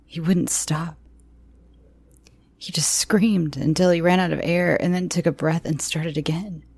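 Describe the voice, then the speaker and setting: Brief: woman narrator for a horror story, low and gravelly, dry close mic. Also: fairly even intonation, no room sound. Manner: slow, hushed, often near-whispered. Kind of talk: first-person dark audio fiction narration.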